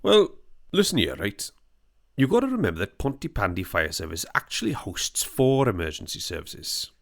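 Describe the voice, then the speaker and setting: A man voicing a steady, earnest middle-aged Welsh firefighter who explains fire safety. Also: on the low side, moderate pace, creaky. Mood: instructive. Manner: earnest, instructive.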